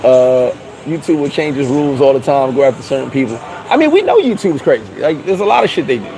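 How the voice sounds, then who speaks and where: A man's voice: medium pitch, very animated, fast talker, warm tone, slight background noise, low-quality recording. A man chatting casually on a live stream, reading comments aloud in a loose, rambling way, swearing and laughing at himself. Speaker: vlogger reading live chat.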